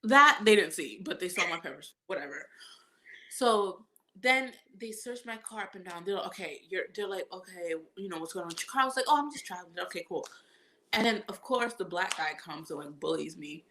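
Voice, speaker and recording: A woman's voice: lowish voice, brisk. A woman in casual conversation, telling a long anecdote with lots of laughter and quoted back-and-forth. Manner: animated storytelling, acts out quotes, laughs often. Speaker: guest vlogger. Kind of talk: casual chat.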